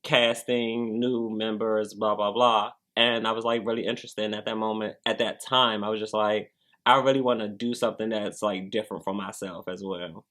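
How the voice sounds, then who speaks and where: A man's voice: fairly low pitch, moderate pace. A young adult man, a cast member, chatting casually in an interview, rambling with lots of filler words. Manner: relaxed, rambling, heavy use of "like" fillers.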